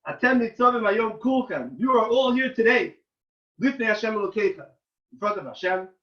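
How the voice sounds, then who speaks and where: A man, a rabbi, giving an animated informal talk to students, getting loud and excited as he tells a story. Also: high voice, normal speed. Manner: excitable, shouts and cracks when reliving a game. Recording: roomy, distant, dull lo-fi sound.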